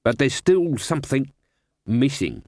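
A man voicing a gruff male dwarf musician who is a blunt schemer, in an audiobook reading. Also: medium pitch, very animated, unhurried, warm tone, dry recording, clean studio sound. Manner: blunt, matter-of-fact.

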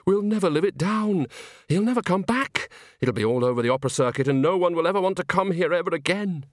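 A man's voice: sits high, lively intonation, quick pace, no room sound, studio quality, voice pushed up. A man voicing a fretful male opera house manager who moans and fusses in a raised voice. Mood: dismayed. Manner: moaning, flustered.

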